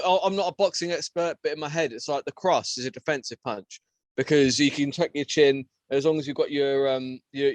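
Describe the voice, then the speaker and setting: A man co-hosting a casual podcast chat, animated and laughing often, a little tipsy from beer. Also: mid-range voice, no echo. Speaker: podcast co-host.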